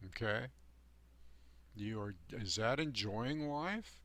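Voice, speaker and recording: Here a man preaches life advice on his own channel, rambling along emphatically in a folksy style peppered with "you know," "man," and sarcastic remarks. His medium-pitched voice is fairly bright and unhurried.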